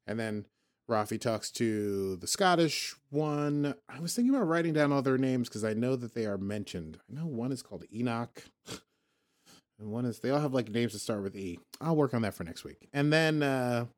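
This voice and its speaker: A man's voice: mid-range voice, lively intonation, moderate pace. A man co-hosting a podcast, chatting casually and rambling with frequent self-corrections and jokes. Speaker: podcast co-host. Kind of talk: casual chat recapping a TV episode.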